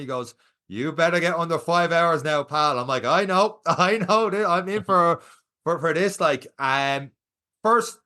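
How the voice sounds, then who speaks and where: A young Irish man co-hosting a podcast, telling a race story in casual chat and acting out what people said. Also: a little high. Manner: animated storyteller, acts out quotes. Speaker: podcast co-host.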